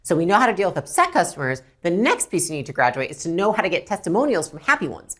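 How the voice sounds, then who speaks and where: Animated, blunt woman business coach. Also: fairly low pitch, fast talker, breathy edge. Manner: emphatic, blunt, acts out customer and rep dialogue. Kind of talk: instructional talk to camera.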